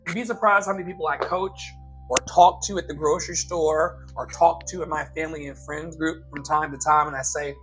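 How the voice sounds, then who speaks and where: A man coaching his listeners in a live motivational talk, repeating key lines slowly for emphasis and calling them beloved. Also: a little high, steady tone, fairly bright tone, soft background music, low-quality recording. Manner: emphatic, slow repetitions for effect. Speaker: life coach and show host.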